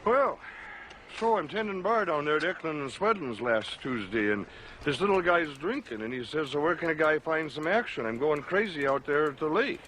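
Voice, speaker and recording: Laconic Upper Midwest bartender, dry and deadpan, voice sits a bit high. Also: male voice, a little hiss or hum, poor audio. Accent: Upper Midwest American. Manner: slow, deadpan storytelling. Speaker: bartender in a film clip. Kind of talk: film dialogue.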